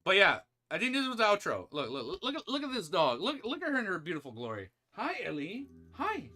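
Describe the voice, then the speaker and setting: A man's voice: high voice, huge pitch swings, brisk, bright, forceful tone, dry recording. A young man streamer rambling casually through his outro from the floor at home, often breaking into playful baby talk with his dog. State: low energy.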